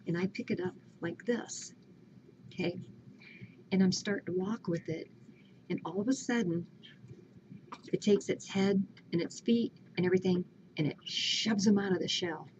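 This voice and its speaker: A woman's voice: medium pitch, normal speed, long pauses, darkish tone, a little hiss or hum. A woman animatedly retelling a story in casual chat, laughing often. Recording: lo-fi home video with faint ambience.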